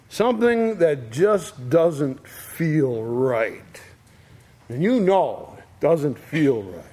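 A man preaching a sermon, slow and deliberate, with long pauses between short phrases. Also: sits high.

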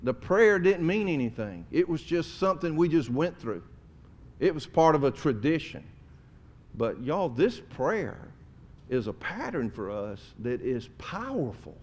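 A man, a pastor giving a conversational, folksy sermon to his congregation in a church, often dropping to soft, tender tones. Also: on the high side, sing-song, a little slow. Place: church sanctuary.

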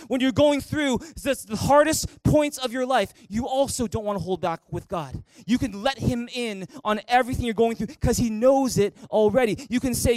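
A man's voice: very high-pitched, moderate pace, hardly any pauses, a little mellow, no echo. A man preaching a sermon as pastor, calling the congregation to read aloud and respond. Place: church in Canada.

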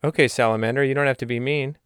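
A man's voice: mid-range voice, steady tone, fast talker, fairly bright tone, clear, resonant tone, dry recording, studio quality, lightly acted. A man voicing an earnest, easily hurt friend who gets a little defensive.

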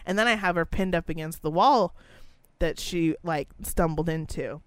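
A young woman telling a story in a casual chat, with a blunt, profane and animated way of talking. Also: on the low side, normal speed, no echo.

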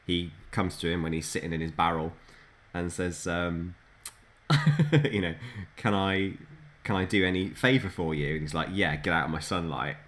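A man with a very low, deep voice spins anecdotes in a loose, chatty podcast style. He laughs often as he goes, with an easy conversational rhythm. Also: steady tone, normal speed, a bit bright. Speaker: podcast co-host. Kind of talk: casual storytelling chat.

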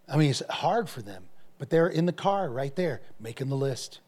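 A man's voice: medium pitch, animated, moderate pace, darkish tone, slight background noise. A male pastor preaching a sermon, telling stories with energy and often repeating his phrases.

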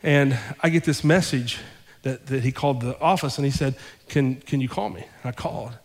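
Animated pastor preaching in a reverberant hall. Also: male voice, mid-range voice, moderate pace. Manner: animated, acts out both sides of conversations. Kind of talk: storytelling sermon. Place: church sanctuary.

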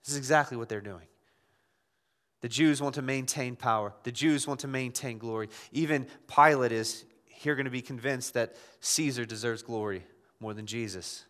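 A man's voice: medium pitch, normal speed, a bit bright. A man pastor preaching an impassioned sermon, pressing his listeners with rhetorical questions. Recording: long hall reverb.

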